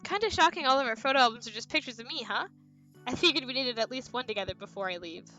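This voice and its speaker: A woman reading the lines of a teenage daughter about to leave for college in a soft, heartfelt way. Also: fairly high pitch, expressive, fast, soft background music. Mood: teasing.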